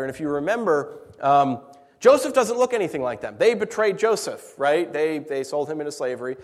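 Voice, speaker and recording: A man with a high, very lively voice preaches to his congregation, swinging between big jokey asides and rhetorical questions. His sermon rings out through a big sanctuary with a long echo tail. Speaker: pastor.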